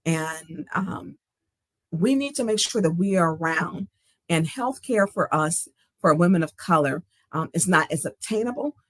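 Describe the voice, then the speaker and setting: A woman's voice: on the low side, lively intonation, unhurried, no echo. A middle-aged woman hosting a livestream talk show, speaking earnestly and with emphasis from her own life and reading out viewer comments.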